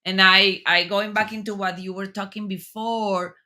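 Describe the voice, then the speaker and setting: Bright-voiced woman hosting an interview. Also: medium pitch, steady tone, normal speed. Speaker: talk show host. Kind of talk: earnest conversational interview.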